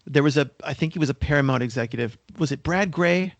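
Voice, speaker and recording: A man's voice: a little high, quick pace, no room sound. A man co-hosting a podcast in casual discussion, rambling and restarting sentences, coughing now and then. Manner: rambling, repeats words when starting sentences. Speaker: podcast co-host.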